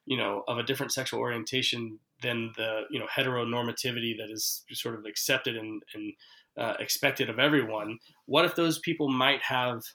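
A man's voice: mid-range voice, steady tone, fairly quick, sharp tone, poor audio. A man hosting a podcast conversation in an earnest, reflective way, retelling stories with quoted dialogue. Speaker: podcast host. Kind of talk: casual conversational interview.

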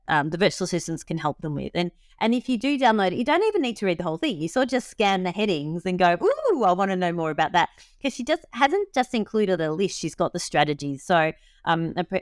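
A woman's voice: lowish voice, no room sound, studio quality. A woman hosting a casual interview, upbeat and encouraging, with frequent ums and likes. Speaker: host.

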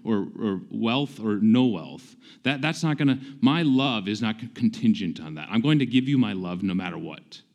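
A man's voice: on the low side, darkish tone. A pastor in his forties preaching a conversational sermon, emphatic and self-deprecating, often repeating himself for stress. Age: 40s.

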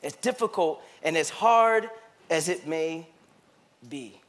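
A man preaching a sermon as pastor, telling a personal story that swells into impassioned emphasis and falls back to hushed, searching questions. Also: fairly high pitch, animated, slow pace. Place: church.

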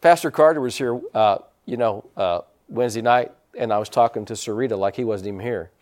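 A man's voice: lowish voice, brisk, darkish tone. A man preaching a sermon to his congregation in church, folksy and rambling, breaking off for asides to people in the pews. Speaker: pastor.

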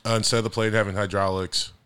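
Man, podcast co-host, lowish voice with a bright forceful edge, easygoing riffer. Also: little pitch movement, fast talker, clean tone. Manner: agreeable, laughs easily, builds on jokes. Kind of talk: casual comedic chat.

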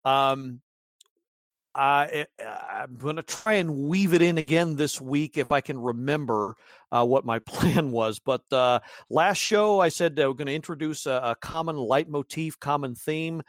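Guy hosting a chatty podcast, slightly high voice, trips over his words a lot, dry mic. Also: unhurried, dry recording. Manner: rambling, many restarts and chuckles. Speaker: podcast host. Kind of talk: casual podcast chat.

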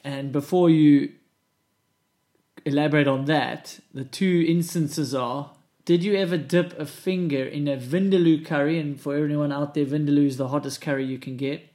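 A man interviewing a guest in a relaxed way, amused and reading out questions. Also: fairly high pitch, normal speed. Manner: amused, laughs along.

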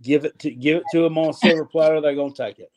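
Halting man in casual sports banter. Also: fairly high pitch, steady tone, darkish tone. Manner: halting, hesitant, sarcastic.

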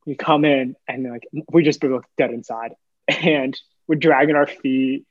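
A young man telling relaxed anecdotes on a podcast, acting out what others said to him. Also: mid-range voice, a little slow, no echo, lo-fi sound. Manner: relaxed, quoting others in dialogue. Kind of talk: casual storytelling chat.

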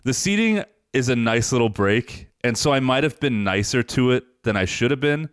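An easygoing, wry man co-hosting a podcast and reviewing movies in casual chat. His pitch moves around a lot as he talks. He is recorded dry and close. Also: expressive, moderate pace, smooth, no echo. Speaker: podcast co-host.

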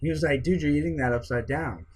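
Husky laid-back man in his twenties. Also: on the high side, fast. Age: 20s. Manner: laid-back, storytelling, swearing. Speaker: podcast co-host. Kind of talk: casual podcast chat.

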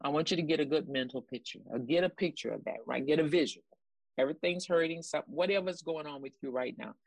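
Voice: mid-range voice, quick pace, vocal fry, no echo, rough recording. A minister teaching a Bible lesson, repeating key points and acting out quotes to the listeners. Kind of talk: sermon-style Bible lesson.

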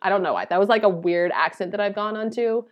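A woman's voice: mid-range voice, fast talker. A woman hosting her own podcast alone, chatty and upbeat in an easy, casual way. She sounds tired after too little sleep but keeps the energy up. She laughs at her own stumbles. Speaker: podcast host. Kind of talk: casual solo podcast talk.

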